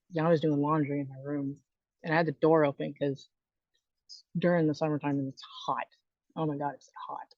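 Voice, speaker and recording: A woman's voice: sits low, a little mellow, no room sound. A woman who is a Navy veteran speaks as a podcast guest, telling a personal story in a frank, conversational way with fillers and restarts. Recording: dull lo-fi dry recording.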